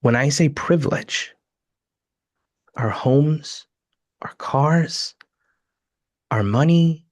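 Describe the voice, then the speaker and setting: A man's voice: mid-range voice, takes it slowly, pauses often, darkish tone. A man with a mid-range voice co-hosts a live webinar. He tells stories earnestly and builds his points into emphatic lists. The sound is dry and close, with no room echo. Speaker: webinar co-host.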